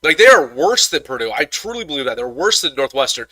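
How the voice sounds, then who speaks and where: A young man hosts a live football reaction stream, venting in a frustrated rant full of stammered restarts. His voice sits a touch high and sounds sharp and forceful. The sound is close and dry, with no room around it. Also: sing-song, brisk, no echo. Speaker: sports commentator host.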